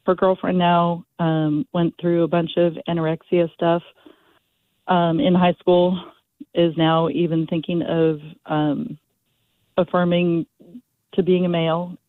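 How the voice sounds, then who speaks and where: A woman from California calling into a talk show, emotional and halting, with many restarts. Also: fairly low pitch, level tone, dry recording. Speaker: caller. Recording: tinny phone line.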